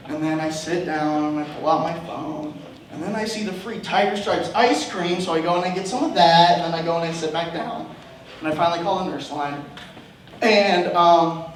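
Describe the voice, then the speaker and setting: A young man with a high voice tells rambling, self-deprecating stand-up stories and laughs at his own punchlines. He sounds distant and roomy, with strong echo and a faint hiss under him. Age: young adult. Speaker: stand-up comedian. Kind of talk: open mic stand-up storytelling. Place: comedy club stage. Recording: echoey room from far off, faint noise.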